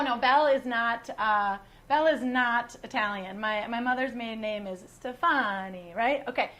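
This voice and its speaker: A woman's voice: sits high, fairly bright tone. A woman from the United States hosting a casual online wine class, chatty and full of teasing jokes. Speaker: wine educator and host.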